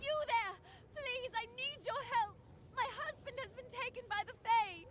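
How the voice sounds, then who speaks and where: A woman's voice: very high-pitched, moderate pace, noisy background. A woman voicing a frantic peasant woman in a video game who begs for help because her husband was taken. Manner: desperate, pleading, shouting. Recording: game audio with faint music.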